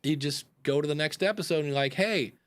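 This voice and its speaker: A man's voice: fairly high pitch, steady tone, fast, fairly bright tone. A man, a podcast coach hosting a live advice chat, rambling and acting out example announcements.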